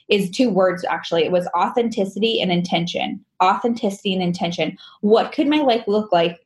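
A woman guest telling her personal story candidly, laughing often and acting out the dialogue. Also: medium pitch. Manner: animated, laughs often, acts out quoted dialogue.

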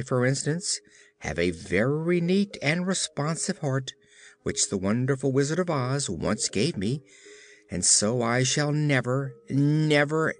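A man's voice: medium pitch, close to an everyday voice. A man voicing a stern but tender-hearted male tin emperor in a storybook reading, speaking in earnest, emphatic declarations.

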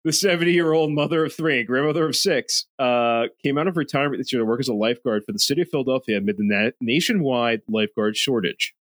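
A man's voice: medium pitch, quick pace, hardly any pauses, no room sound. A man co-hosting a podcast, reading a news story aloud and riffing on it with jokes and swearing. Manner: jokey, swearing, riffing on an article. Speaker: podcast co-host.

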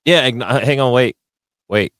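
A man's voice: medium pitch, normal speed, fairly bright tone, dry recording, clean studio sound. A man co-hosting a podcast in casual, crude chat, teasing and interrupting his partner with jokes. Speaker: podcast co-host.

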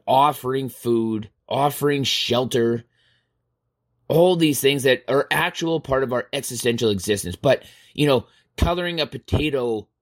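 Profane, rambling male podcast host. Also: mid-range voice. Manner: profane, rambling, exasperated storytelling. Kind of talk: casual monologue.

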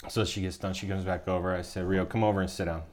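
Guy hosting a podcast, low voice, does the voices when he quotes people, laughs a lot. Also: fast. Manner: animated storyteller, acts out quotes, laughs often. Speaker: podcast host. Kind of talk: casual chat, storytelling.

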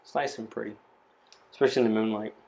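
A man narrating a tabletop role-playing game as game master, describing scenes in a relaxed way with fillers. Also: lowish voice, fast, creaky, slight background noise.

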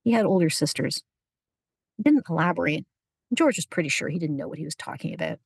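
A woman narrating a story in an even, unhurried storytelling manner. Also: low-pitched, gravelly, husky, dry recording, clean studio sound. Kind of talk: audiobook narration.

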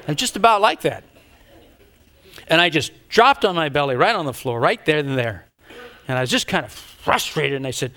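An older man, a pastor, telling a story in a sermon with animated, dramatic delivery and sudden loud outbursts. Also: fairly high pitch, moderate pace.

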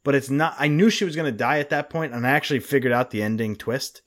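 A man's voice: mid-range voice, fast, a bit bright. A man in casual chat, talking freely with lots of swearing while retelling scenes.

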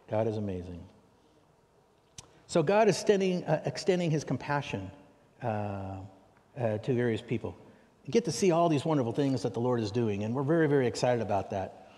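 American male preacher, mid-pitched, lively storyteller, big echoing hall. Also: moderate pace, long pauses. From United States. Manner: animated, acts out dialogue with raised pitch for questions. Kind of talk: sermon storytelling. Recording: long reverb of a large hall.

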